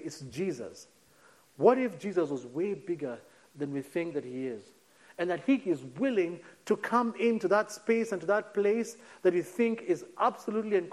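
A male preacher with a high, bright voice delivers a sermon in a church hall. He sinks to a soft hush on key words and slows down for weight, then lifts his voice again. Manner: preaching with dramatic drops to a near hush and sudden lifts; slows right down on key phrases. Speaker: pastor.

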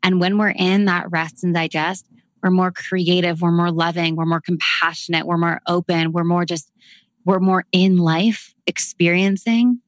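A woman in her thirties with a Canadian accent, chatting casually and then slowly guiding a breathing exercise in a soothing voice. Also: fairly low pitch, level tone, dry recording. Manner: slow, soothing guidance with long pauses. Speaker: breathwork guest. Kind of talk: casual chat and guided breathwork.

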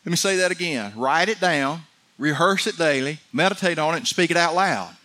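Preacher guy, middle-aged, fervent sermon, bright ringing voice. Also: fairly high pitch, brisk. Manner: fervent, rising to shouts of excitement. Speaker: pastor.

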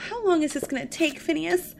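A woman's voice: high voice, expressive, fairly quick, vocal fry, slight background noise. A woman playing a squeamish, fussy and nervous young woman in an audio drama.

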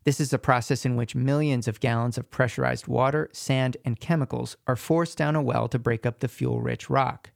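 Male radio reporter, gravelly, dry close sound, measured scripted delivery. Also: medium pitch, steady tone, no room sound. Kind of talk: scripted news narration.

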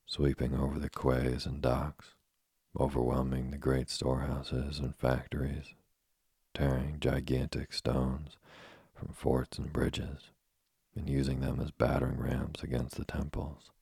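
A man narrating a storybook in a steady, measured reading. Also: rumbling low, vocal fry, slightly rough, no room sound, clean studio sound. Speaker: audiobook narrator.

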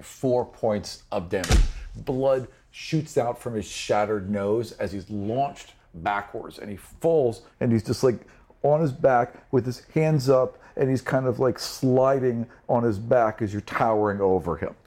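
A man's voice: medium pitch, unhurried, warm tone. A man narrating as game master of a tabletop game, describing actions loosely with many fillers.

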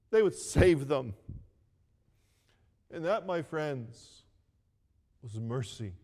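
A man preaching a sermon at a slow, deliberate pace, his voice a touch high. He tells the story earnestly and repeats key phrases. Long reverb hangs after each line. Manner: earnest storytelling, repeats phrases, asks the listeners to read along.

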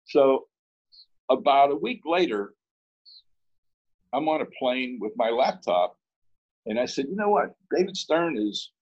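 A man's voice: mid-range voice, breathy edge, dull audio. A man from Pittsburgh, a guest in an interview, telling a story in a casual way and acting out both sides of the dialogue.

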